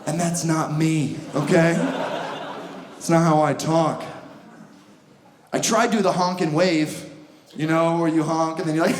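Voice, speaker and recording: Young guy doing stand-up, pretty high voice, sarcastic and animated, roomy club sound with the crowd audible. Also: unhurried, long pauses. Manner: sarcastic, animated, acts out bits in exaggerated voices. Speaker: stand-up comedian. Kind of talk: stand-up comedy set. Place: comedy club stage before a laughing audience. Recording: roomy stage sound with audience noise.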